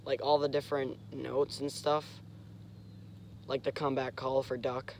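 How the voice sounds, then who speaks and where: A young man casually explaining hunting call technique, halting and searching for words, with short clipped demonstration sounds. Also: mid-range voice, level tone, slight background noise. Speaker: host. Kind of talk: casual instructional talk.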